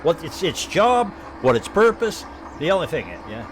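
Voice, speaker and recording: A man with an Ottawa Valley accent talks through a live game stream, rambling and thinking aloud. His voice sits high and swoops up and down constantly. He is easygoing and chatty throughout. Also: big pitch swings, moderate pace, slight background noise. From Ottawa, Canada. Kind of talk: live gameplay commentary.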